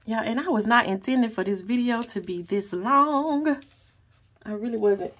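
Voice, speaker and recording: A woman vlogger chatting casually through an unboxing, gushing and excitable as she talks straight to her viewers. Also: a little high, normal speed.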